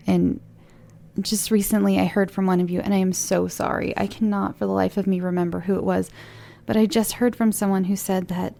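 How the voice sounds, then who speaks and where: A woman's voice: mid-range voice, gravelly, warm tone. A tired woman hosting a horror podcast, chatting in a rambling, openly grateful way. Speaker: podcast host. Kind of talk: casual podcast intro.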